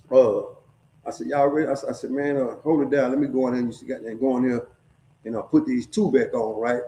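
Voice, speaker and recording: Middle-aged man, relaxed streetwise storyteller with a warm tone, recorded in a roomy space. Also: mid-range voice. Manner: profane, streetwise, keeps checking in with "right?". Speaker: storyteller sharing prison stories. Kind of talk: casual storytelling. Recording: echoey room.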